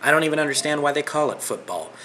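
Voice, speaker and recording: A man's voice: a little high, lively intonation, quick pace, bright, forceful tone, a little hiss or hum. A middle-aged Canadian man with a Canadian accent, chatting loosely and rambling in a video response to another vlogger.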